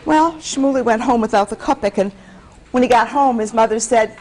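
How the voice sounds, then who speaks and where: A woman's voice: on the high side, moderate pace, darkish tone. A woman storyteller from Michigan tells a folktale to a live audience and coaxes the listeners to repeat words after her. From Michigan, USA.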